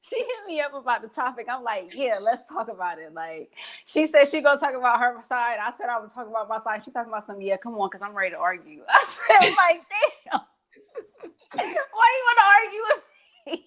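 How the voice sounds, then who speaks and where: A young adult woman co-hosting a casual live-stream chat, easygoing and quick to hype people up. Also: a little high, animated. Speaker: co-host.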